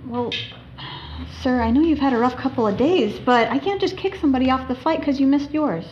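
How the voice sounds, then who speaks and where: A student actress playing a tired, exasperated airline gate agent who firmly refuses a passenger. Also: female voice, sits high, lively intonation, fairly quick, a little mellow, lo-fi sound, a little hiss or hum. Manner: firm, exasperated.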